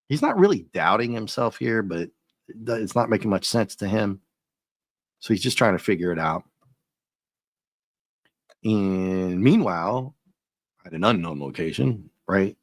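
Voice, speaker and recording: A man in a casual comic review, relaxed, paraphrasing panels with chuckles. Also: lowish voice, creaky, no echo, clean studio sound. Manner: laid-back, paraphrases dialogue with chuckles.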